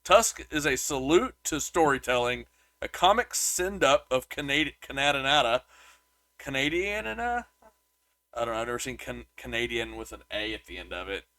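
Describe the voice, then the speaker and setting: Bright-voiced man rambling through a review. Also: medium pitch, no echo. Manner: rambling, restarts, reads reviews aloud. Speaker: podcast co-host. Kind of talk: casual chat reviewing a movie.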